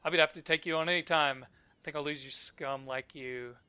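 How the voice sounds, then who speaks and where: A man's voice: fairly high pitch, fairly even intonation, a little fast, sharp tone, smooth, no room sound. A man voicing a spunky, cocky young female thief in a video game, teasing and brash.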